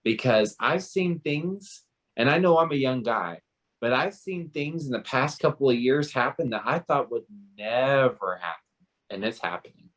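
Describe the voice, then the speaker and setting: Young man, mid-pitch, heated fan panel talk, emphatic restarts. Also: lively intonation, moderate pace, a bit bright. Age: 20s. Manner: passionate, emphatic, repetitive restarts. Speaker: panel co-host. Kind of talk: casual panel discussion.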